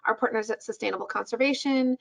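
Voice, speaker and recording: Woman on a video call webinar, slightly high voice, chatty with lots of ums. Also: quick pace, gravelly. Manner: conversational, with fillers. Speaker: webinar presenter. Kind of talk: presenting a policy report.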